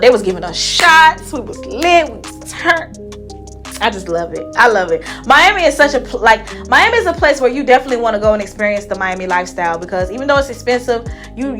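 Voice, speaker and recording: A young woman hairstylist talking casually to the camera in a vlog, retelling events in an emotional, chatty way and often trailing off softly. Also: mid-range voice. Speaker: hairstylist vlogger.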